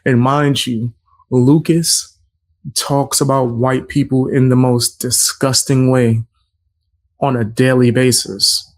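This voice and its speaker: A man's voice: mid-range voice, flat delivery, takes it slowly. A man hosting a reaction video, talking casually and sarcastically with laughs between his points. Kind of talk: casual commentary.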